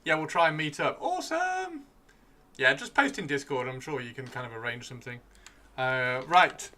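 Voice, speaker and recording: A man's voice: mid-range voice, steady tone, a little fast, bright, forceful tone. A man casually chatting on his live stream, rambling and easygoing as he thanks viewers.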